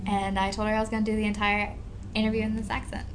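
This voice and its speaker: A woman hosts a podcast in a loose, chatty ramble, poking fun at herself and sounding tired after a sleepless night. Her voice sits at a middling pitch, with a little soft noise behind her. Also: monotone, quick pace. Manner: rambling, self-mocking and chatty. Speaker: podcast host. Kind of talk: casual podcast chat. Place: venue during sound check.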